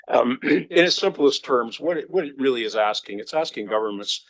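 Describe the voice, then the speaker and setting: A male city councillor speaks in a council debate, folksy and wry in tone. His voice sits at a medium pitch. The recording is dry and close. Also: expressive, normal speed, no room sound. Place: council chamber.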